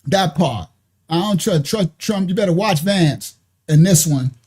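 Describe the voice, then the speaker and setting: Laughing, husky-voiced woman streamer. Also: fairly low pitch, animated, a little slow, dark tone. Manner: chatty and mocking, laughs often, slangy. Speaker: livestream host. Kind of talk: reaction commentary livestream. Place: at a computer, sharing her screen.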